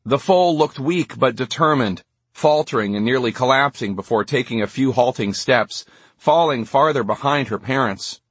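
Male narrator, measured delivery, husky voice, dry recording. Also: mid-range voice, dry recording. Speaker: audiobook narrator. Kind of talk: scripted narration.

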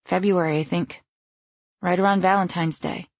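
A woman doing a defiant young daughter, higher and sharp. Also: fairly even intonation, moderate pace, no room sound. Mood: sullen. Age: young adult. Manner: indignant, raised and sharp.

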